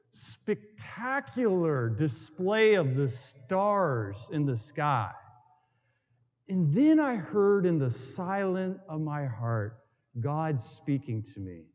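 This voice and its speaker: A man preaching a sermon as a priest, telling stories with emphatic repetition and dramatic pauses. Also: sits high. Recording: tinny, in a long reverberant hall.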